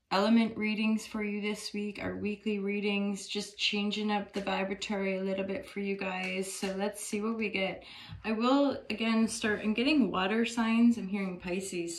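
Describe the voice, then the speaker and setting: A woman's voice: mid-range voice, a little hiss or hum. A woman talking casually to camera into her phone as she gives a tarot reading, chatty and upbeat, with many fillers. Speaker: tarot reader.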